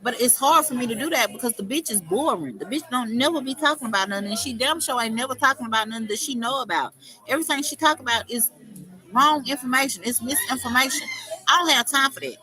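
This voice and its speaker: A woman hosting her own livestream, talking off the cuff in a confrontational, foul-mouthed scolding rant. Her voice is bright and sharp, sitting somewhat high. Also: fast, rough recording. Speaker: livestream host.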